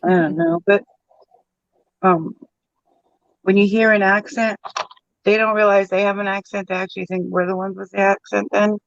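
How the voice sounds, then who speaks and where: A man's voice: high voice, flat delivery, moderate pace, creaky, pauses often, no echo, muffled recording. A man chatting casually while face painting, rambling with lots of fillers.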